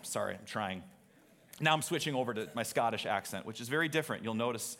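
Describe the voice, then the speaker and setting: A man's voice: medium pitch, lively intonation, quick pace, fairly bright tone. A man preaching a sermon from a church stage, talking in a conversational, joking way and quizzing the congregation. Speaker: pastor.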